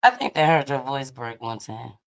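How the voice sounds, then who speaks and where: Middle-aged woman, low voice, chatty show host, laughs a lot, teasing. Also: normal speed. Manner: laughs often, animated and teasing. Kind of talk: casual chat.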